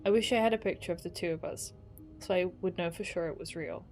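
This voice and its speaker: A woman's voice: fairly low pitch, fast, a little mellow, faint music behind, lightly acted. A woman reading aloud the love letters of a young woman from the 1940s, in a tender, then resigned, manner. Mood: longing.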